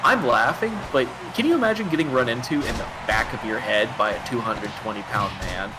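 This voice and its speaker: A man calling wrestling play-by-play live, excitable and quick to laugh, his voice jumping up on big moves. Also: on the low side, music in the background. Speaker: play-by-play commentator.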